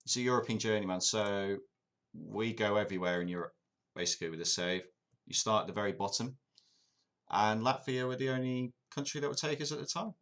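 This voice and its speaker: A lowish, fairly bright voice, delivered a little quickly. The speaker is an Englishman chatting casually with his stream audience over a football management game, full of self-deprecating humor.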